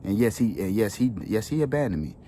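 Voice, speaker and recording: Earnest, low-pitched man for a heartfelt monologue, casual slang, light background hum. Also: big pitch swings, quick pace, warm tone. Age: adult with children. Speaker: wellness channel host. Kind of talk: heartfelt personal storytelling.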